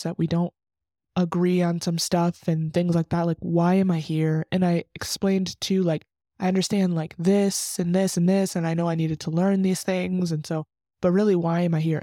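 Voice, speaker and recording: A woman's voice: lowish voice, warm tone, no echo. A young woman hosting a faith podcast, sharing an unscripted personal reflection in an earnest, rambling way with frequent restarts.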